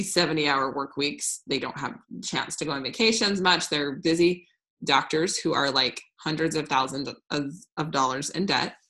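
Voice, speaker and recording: With a low-pitched voice and sharp tone, a woman in her thirties leads a laid-back, positive business training over screen share, talking frankly and restarting often.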